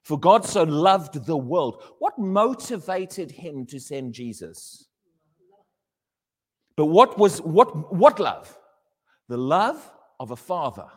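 A man preaching a sermon to a congregation, animated and questioning his listeners, often acting out little dialogues. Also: on the high side, slow pace, in a large hall.

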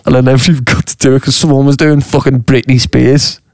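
A man with an Australian accent co-hosting a podcast, telling stories in a chatty, animated way and swearing freely. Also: medium pitch, quick pace, no room sound, clean studio sound. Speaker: podcast co-host. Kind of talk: casual chat and storytelling.

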